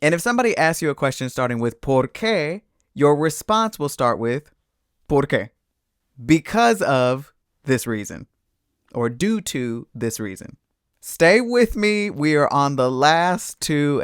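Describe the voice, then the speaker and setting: Lively, clear-voiced male Spanish teacher. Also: mid-range voice, a little slow, no room sound, clean studio sound. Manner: clear, patient explaining with lively emphasis. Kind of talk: scripted language lesson.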